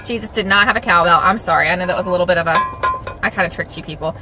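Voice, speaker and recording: A woman from South Georgia with a Southern American accent, giving a casual devotional talk to viewers in an earnest, animated way and repeating phrases for emphasis. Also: on the low side, very fast, poor audio. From South Georgia, USA. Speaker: Christian blogger giving a devotional.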